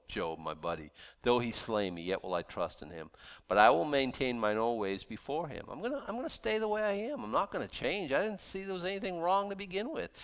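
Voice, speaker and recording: Guy preaching, chatty and stumbly, repeats himself a lot, mid pitch. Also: gravelly, fairly bright tone. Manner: conversational preaching with frequent restarts and stammers. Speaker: pastor. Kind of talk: sermon.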